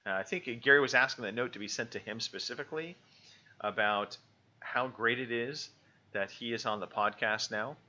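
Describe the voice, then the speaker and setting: A man's voice: medium pitch, moderate pace, pushed and bright, muffled recording. A man co-hosting a podcast in a loose, joking chat full of fillers. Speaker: podcast co-host.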